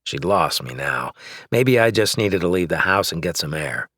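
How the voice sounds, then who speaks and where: A man narrating a novel in the first person, measured and wry. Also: low-pitched, expressive, a bit bright, no room sound, clean studio sound. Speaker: audiobook narrator.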